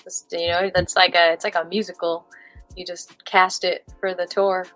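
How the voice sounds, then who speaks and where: A chatty woman musician talks easily in an interview, her voice sitting a little low. Lots of fillers and quick asides keep it loose and animated. Faint music plays underneath. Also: low-quality recording. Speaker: musician guest. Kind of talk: casual interview chat.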